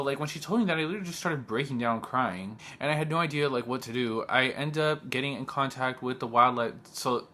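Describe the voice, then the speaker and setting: With slight background noise behind him, a young teacher recounts a personal story for a casual vlog in a sharp, mid-range voice. His delivery is agitated, packed with "like," and full of quoted dialogue from the people in the story.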